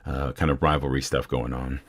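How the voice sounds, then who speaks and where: Very deep-voiced chatty male guest. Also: little pitch movement, a little fast, husky. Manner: chatty and self-deprecating, with many fillers. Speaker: guest voice actor. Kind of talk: casual podcast interview.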